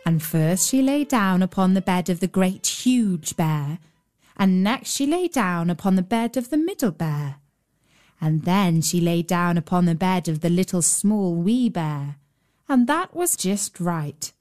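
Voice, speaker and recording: A woman narrating a children's fairy tale in a gentle, measured storytelling voice. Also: on the low side, lively intonation. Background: faint fiddle music.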